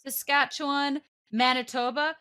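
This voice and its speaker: A young woman from Canada talks in a loose, rambling way on a podcast, her voice bright and fairly high. She leans on fillers and often lets her sentences drop off into quiet. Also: little pitch movement, a little slow. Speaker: podcast co-host. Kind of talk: casual chat.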